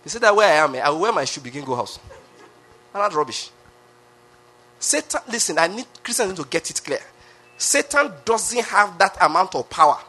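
Pastor guy preaching hard, high bright voice, repeats stuff, keeps asking the crowd questions. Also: big pitch swings, moderate pace, pauses often. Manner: emphatic preaching with repetition and rhetorical questions. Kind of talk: sermon.

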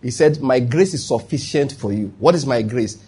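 A pastor with a Nigerian accent preaches in a mid-range, mellow voice with a breathy edge, expressive and at a moderate pace. He repeats his points, poses rhetorical questions, asks whether the congregation follows, and laughs at his own stories.

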